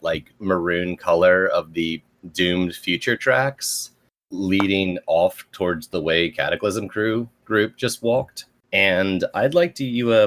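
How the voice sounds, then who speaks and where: A man's voice: low voice, a bit bright. A man describing his character's actions in a tabletop game and reading out a move, in a thoughtful way. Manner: thoughtful, reads rules aloud. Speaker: player.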